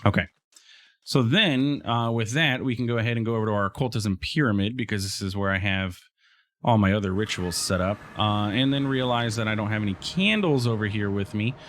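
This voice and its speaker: Man, lower voice, casual gameplay commentary, chatty, talks to mobs, lots of restarts. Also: brisk, fairly bright tone. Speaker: let's play host.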